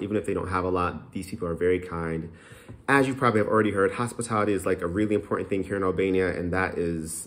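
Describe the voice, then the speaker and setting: A man with a somewhat low voice talks straight to the camera in a casual, unscripted vlog. He rambles frankly and fills pauses with plenty of ums and uhs. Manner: frank, chatty, rambling with many fillers. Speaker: vlogger.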